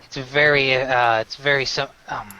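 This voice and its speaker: A man's voice: mid-range voice, fairly even intonation, unhurried, bright, forceful tone, highs cut off. A man voicing an eager middle-aged male gnome smith who talks like a salesman, hesitant and chatty.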